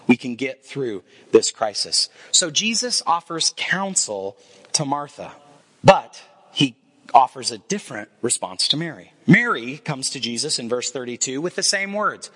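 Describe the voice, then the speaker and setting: A man in his forties preaching a sermon, telling the story with lively acted-out quotes. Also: mid-range voice, moderate pace, husky. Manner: animated storyteller acting out quoted voices. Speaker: pastor.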